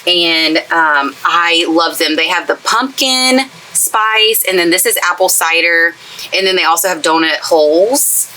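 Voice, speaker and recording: Bright, chatty woman. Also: fairly low pitch, a little slow, poor audio. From East Texas. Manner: chatty, gushing and enthusiastic. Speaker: craft channel host. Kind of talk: casual craft tutorial chat. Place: craft space in a camper trailer.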